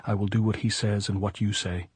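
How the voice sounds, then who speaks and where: A man's voice: fairly low pitch, flat delivery, a little fast, slightly rough, no echo. A man reading a frightened young woman's desperate inner prayer in an audiobook, pleading and breathless.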